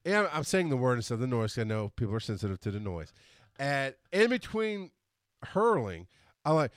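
A man hosting a podcast, telling a story in a casual monologue, animated and quick to laugh as he acts out scenes. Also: mid-range voice, no room sound, studio quality. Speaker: podcast host.

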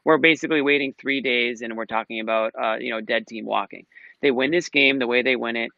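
A man's voice: mid-range voice, steady tone, fairly quick, creaky, no echo, highs cut off. A man in a casual sports chat, emphatic and swearing freely. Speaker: sports podcast regular.

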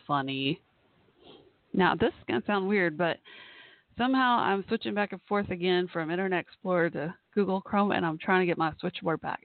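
Woman podcast host, rambly and giggly, gravelly fry, tinny phone line. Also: lowish voice, no room sound. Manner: chatty, rambling, laughs often. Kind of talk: casual solo talk. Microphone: phone call-in line.

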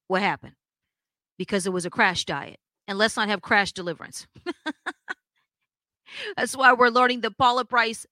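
A woman's voice: mid-range voice, pushed and bright, no room sound. A woman co-hosting a church broadcast, teaching in an emphatic preaching style and putting pointed questions to her listeners.

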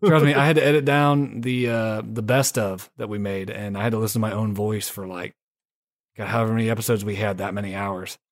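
A man hosting a casual gaming podcast, laid-back and quick to swear, tossing in slang like "dude" and "son". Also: fairly low pitch, steady tone. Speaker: podcast host. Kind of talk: casual chat.

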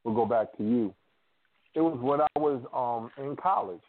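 Over a dry, tinny phone connection, a radio show co-host chats casually and tells stories, acting out family quotes with animation. He has a mid-range voice and talks at normal speed.

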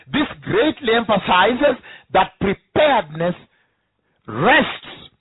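A man's voice: high voice, slightly rough, no room sound. Emphatic man preaching over a tinny line. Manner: emphatic, repeats key phrases, asks the audience rhetorical questions. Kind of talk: sermon teaching.

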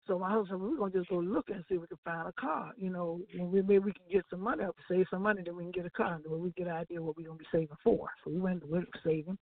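A woman telling a lively testimony on a gospel talk show, quoting people as she goes. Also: lowish voice, very fast, few pauses, no echo. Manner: animated storytelling with laughs and acted-out quotes. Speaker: gospel radio co-host. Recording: dry, tinny phone-line sound.

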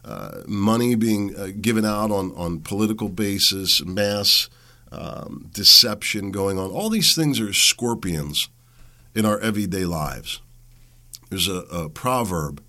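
A man's voice: fairly low pitch, animated, unhurried, pushed and bright. A man hosting a podcast in a rambling, folksy solo talk, sick with a head cold. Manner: rambling and folksy, with frequent fillers. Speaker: podcast host. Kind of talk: casual monologue.

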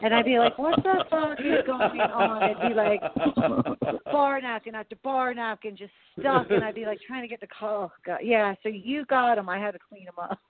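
A woman's voice: fairly high pitch, a little fast. A woman co-hosting a podcast, chatting casually, swearing and laughing as she tells stories. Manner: laid-back, swears, laughs between lines. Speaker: podcast co-host. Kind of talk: casual crude chat. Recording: phone-like line with crowd noise behind.

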